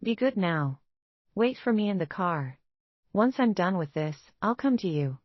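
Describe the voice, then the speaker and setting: A woman's voice: medium pitch, lively intonation, measured pace, no echo, muffled recording. A woman reading as a soothing, controlling young man. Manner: gentle, soothing.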